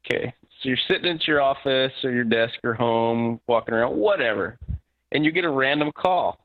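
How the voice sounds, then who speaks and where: A man co-hosting a podcast grumbles wryly and acts out little exchanges. His voice sits in a middle pitch. It comes through a tinny, phone-like call line with no room sound. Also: a little fast, dry recording. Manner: wry, complaining, acts out dialogue. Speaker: podcast co-host. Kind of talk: casual live podcast chat. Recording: tinny internet call audio.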